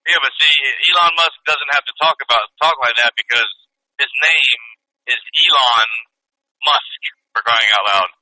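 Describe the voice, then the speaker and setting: A man's voice: medium pitch, normal speed, pushed and bright, no room sound. A man co-hosting a podcast in casual banter, sarcastic and teasing, often laughing at his own jokes. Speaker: podcast co-host. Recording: dry, phone-like call audio.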